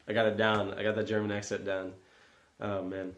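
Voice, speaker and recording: A young man vlogs casually in an echoey room, his lowish voice flat and fairly quick. He rambles with lots of fillers and self-deprecating asides.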